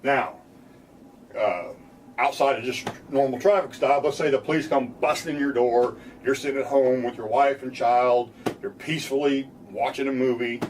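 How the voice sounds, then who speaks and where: A defense lawyer explaining rights in plain talk, now and then mimicking police officers in a loud mocking voice. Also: male voice, mid-range voice, normal speed, far from the mic, slight background noise.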